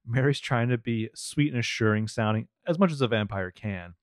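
An American man co-hosting a podcast, chatting casually, swearing often and narrating scenes with quick laughs. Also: mid-range voice, no echo, studio quality. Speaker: podcast co-host. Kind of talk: casual recap chat.

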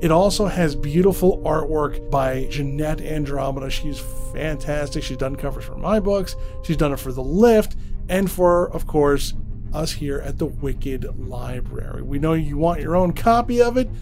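A man's voice: fairly high pitch, expressive, moderate pace, music in the background. Chatty, stumbling podcast host, a man. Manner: chatty, self-deprecating, stumbles over words. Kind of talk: casual show introduction.

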